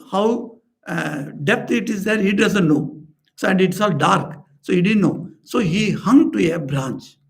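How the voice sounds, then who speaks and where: Swami for a sermon: man, higher voice with grit, earnest parable teller. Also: creaky. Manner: earnest storyteller, lifts pitch for quoted characters. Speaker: swami giving a spiritual talk. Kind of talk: storytelling sermon. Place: society house room.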